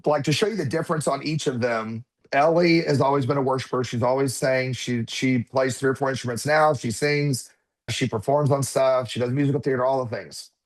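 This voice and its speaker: A man in his thirties, a podcast guest, telling a personal story in conversation and acting out what his children said. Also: mid-range voice. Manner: animated, acts out quotes of his children.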